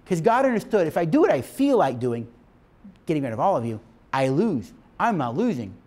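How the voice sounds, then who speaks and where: A man teaching a class of couples in an emphatic, preacher-like manner, stopping to check that his listeners follow. His voice sits fairly high for a man and swings widely in pitch. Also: very animated, a little fast, darkish tone. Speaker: marriage teacher. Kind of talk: lecture to couples.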